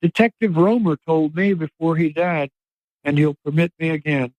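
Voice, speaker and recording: A man's voice: on the high side, moderate pace, darkish tone, dry recording, rough recording. An older man, an investigative reporter and podcast guest, laying out a speculative account and dramatically acting out the people he quotes. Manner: dramatic, acts out quoted voices. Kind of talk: speculative storytelling.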